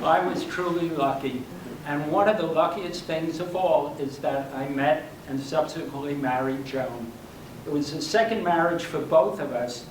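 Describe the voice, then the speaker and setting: Older male storyteller, wry and self-mocking, slightly high voice, recorded from across a roomy hall with faint hum. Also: far from the mic. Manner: wry, self-deprecating, laughs at his own punchlines. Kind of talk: personal story performed for a live audience. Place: library workshop room.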